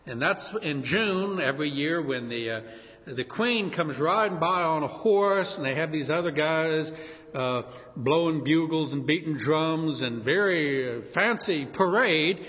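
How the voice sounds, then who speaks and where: A man preaching with a New Orleans accent, his voice set a bit high and swinging widely in pitch as he tells stories. He acts out the shouts of crowds with energy. The sound is muffled and rings with a long reverb, as in a church hall. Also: unhurried. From New Orleans, USA. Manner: lively storytelling with animated shouted quotes. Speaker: pastor. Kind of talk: sermon.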